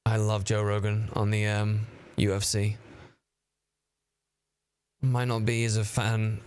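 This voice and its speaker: A man's voice: lowish voice, darkish tone. A man, streaming a game and chatting casually with his viewers, swearing freely as he reacts to their messages. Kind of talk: casual gameplay commentary, reading chat.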